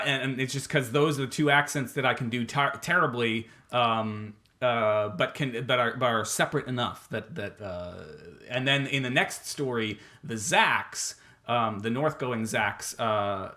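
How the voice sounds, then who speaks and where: A man's voice: medium pitch, sharp tone. A middle-aged man co-hosting a podcast in casual chat, rambling and hesitant with lots of fillers and restarts. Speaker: podcast co-host.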